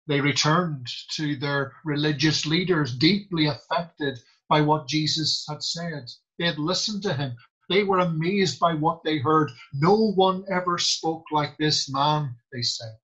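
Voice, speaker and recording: A man preaching a sermon, quoting scripture slowly and deliberately with emphatic pauses. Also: fairly high pitch, bright, forceful tone, dull audio.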